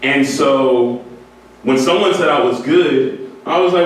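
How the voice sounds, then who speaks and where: A man's voice: medium pitch, measured pace. Earnest man in an echoey hall. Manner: earnest, candid, breaks into laughter. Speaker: speaker addressing music students. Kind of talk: motivational talk. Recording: echoey hall, voice from far off, faint noise.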